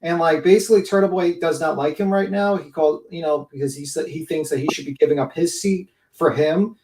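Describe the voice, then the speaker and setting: A man's voice: a little high, brisk, noisy background. A man co-hosting a livestream in casual chat, rambling with lots of fillers. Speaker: livestream co-host. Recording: distant from the mic.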